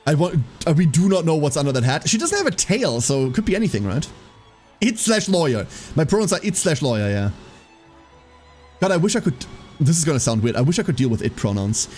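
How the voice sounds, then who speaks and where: A man with a German accent, German native speaker, chatting casually on a gaming stream and cheering on races like an excited commentator. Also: fairly high pitch, fairly quick, faint music behind. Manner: chatty, excitable, jokey, slips into hyped race commentary.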